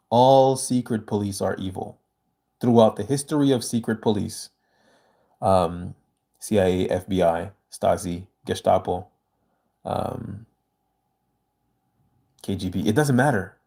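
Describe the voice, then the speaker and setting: A man's voice: on the low side, gravelly, dark tone. A man hosting a casual livestream, reading viewer comments aloud and answering them in an earnest, emphatic way.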